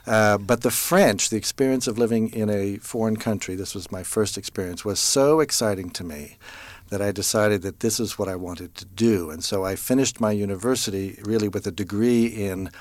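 Low-voiced American man in his fifties. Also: no echo. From United States. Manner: measured, thoughtful, with frequent filler pauses. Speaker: interview guest, interpreter. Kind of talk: relaxed storytelling in an interview.

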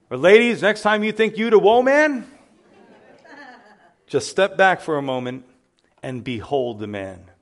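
A male pastor preaching a sermon, building to loud emphatic exclamations. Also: high-pitched.

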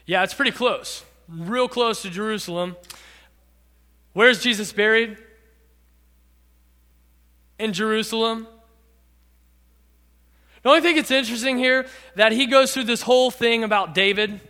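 A man preaching a sermon as pastor, dramatic, acting out quotes and rising to shouts. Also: high-pitched, a little slow, pauses often. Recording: long reverb of a large hall.

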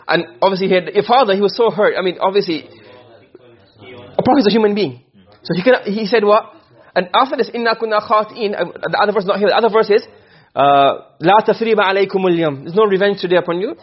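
With a high-pitched, husky voice and a fast delivery, an Arabic rhetoric teacher lectures, firing questions at students and repeating himself. The audio is dull.

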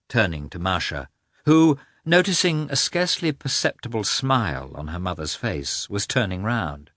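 A man reading a classic novel aloud as narrator, measured and expressive. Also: sits low, dry recording, clean studio sound. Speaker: audiobook reader. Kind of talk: scripted narration.

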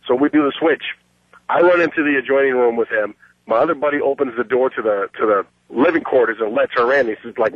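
A man's voice: medium pitch, a little fast, no room sound. A brash, boastful middle-aged man calling in to a radio show and telling a long story. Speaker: caller. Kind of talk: phoned-in storytelling. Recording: muffled phone line.

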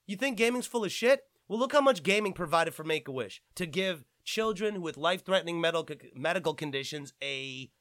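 High-voiced profane ranting man. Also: animated, a little fast, hardly any pauses, fairly bright tone, dry recording. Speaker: podcast host. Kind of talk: ranting gaming podcast.

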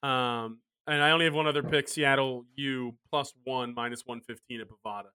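A man's voice: medium pitch, fairly even intonation, a little fast, pushed and bright, clean tone. A man hosting a sports betting podcast, steering the segments with dry sarcasm and a few hesitant fillers. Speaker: podcast host. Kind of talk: casual sports betting chat.

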